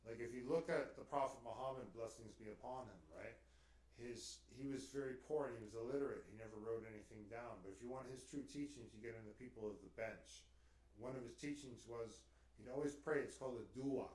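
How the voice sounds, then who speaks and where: A man rambles through a casual spiritual chat and keeps tagging his points with "right?". He sits away from the mic, and the room adds a noticeable echo. His pitch is middling. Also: fairly quick, a little mellow. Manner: rambling, tags lines with "right?". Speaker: guest. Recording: roomy, distant mic.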